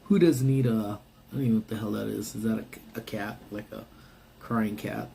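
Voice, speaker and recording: Man, gravelly voice, relaxed livestream chat, faint background hiss. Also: lowish voice, fairly quick. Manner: laid-back, rambling, reads and answers chat. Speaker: livestream host. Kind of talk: casual live-stream chat. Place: parked car.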